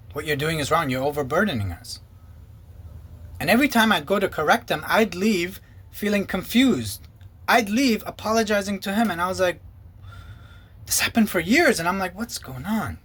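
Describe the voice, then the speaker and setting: Husky man giving earnest personal testimony. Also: fairly bright tone. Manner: earnest, emotional, quotes others in lowered voice. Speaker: former pastor and ministry co-founder.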